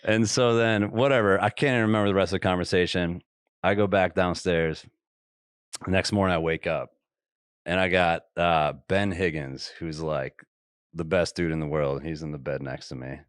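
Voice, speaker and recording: A man's voice: deep voice, fairly even intonation, moderate pace, smooth, no room sound, clean studio sound. A man hosting a podcast, telling a story with laughs and dropping to a whisper for asides. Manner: laughing anecdotes, drops to a whisper for quoted asides. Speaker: podcast host. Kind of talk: casual storytelling chat.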